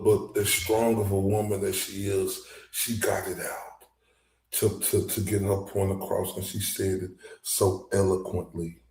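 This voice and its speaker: A man's voice: low-pitched, darkish tone, reverberant, rough recording. Blunt, profane man commentating. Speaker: commentary channel host. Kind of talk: casual reaction commentary.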